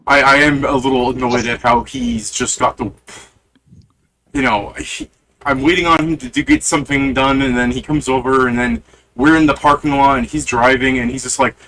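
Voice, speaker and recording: A man's voice: mid-range voice, normal speed, sharp tone, slight background noise. A man in casual pregame chat with his gaming group, venting in an irritated, swearing rant and acting out both sides of an argument. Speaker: player in a tabletop game group.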